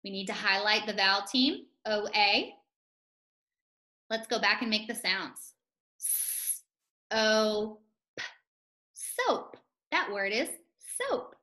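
A woman teacher giving a first-grade phonics lesson, speaking slowly and clearly in a sing-song way, leading chants for children. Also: medium pitch, pushed and bright. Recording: echoey room.

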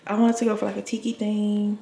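Chatty young woman, gravelly edge. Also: medium pitch, completely flat delivery, fast talker, dark tone. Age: 20s. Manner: chatty, addresses viewers as y'all. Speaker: nurse vlogger. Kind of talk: casual home tour vlog. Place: her apartment, indoors. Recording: echoey room with faint noise.

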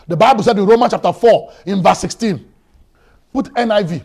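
A man preaching a sermon, telling a story that moves from quiet talk to loud, excited shouting, often repeating his words. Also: high-pitched, a little fast, gravelly, husky. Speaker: pastor.

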